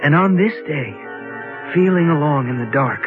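A man's voice: a little high, animated, moderate pace, music in the background, close to an everyday voice. An actor playing a young man lost in a cave, narrating his ordeal earnestly in an old radio drama. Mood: tense. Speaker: narrator and hero. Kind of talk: 1950s radio drama acting. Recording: dull lo-fi old radio recording.

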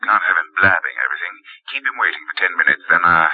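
A man's voice: low-pitched, fast talker, slightly rough, phone-quality sound. An actor playing a cold, scheming male villain who gives curt commands. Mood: commanding.

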